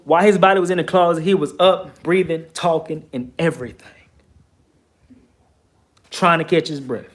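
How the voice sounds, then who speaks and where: A man's voice: on the high side, steady tone, normal speed, pauses often. A man, telling a story in an emphatic, profane, streetwise way. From Texas, USA. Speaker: vlogger. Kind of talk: casual storytelling monologue.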